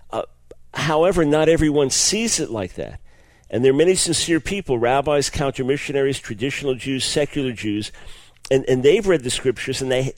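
A man's voice: mid-range voice, dry recording. A man hosting a radio broadcast, explaining his subject in an earnest, enthusiastic teaching monologue with frequent word repeats. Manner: earnest, enthusiastic, repeats words when restarting. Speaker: radio show host.

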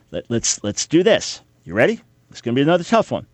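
A man's voice: a little high, wildly swooping pitch, moderate pace, pauses often, a little mellow, no echo. A man hosting a talk radio show, delivering an emphatic, opinionated monologue with sarcastic rhetorical quizzes for his listeners.

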